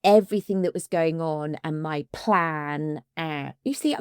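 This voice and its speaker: A woman, an ADHD coach co-hosting a podcast, talking casually and with emotion, often halting and restarting. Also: deep voice, smooth, no room sound, studio quality.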